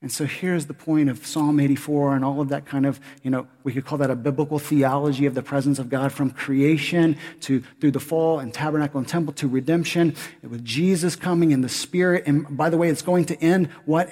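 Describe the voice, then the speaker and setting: A man preaching a sermon as pastor, animated, with rhetorical questions to the congregation. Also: on the high side, fairly quick. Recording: long hall reverb.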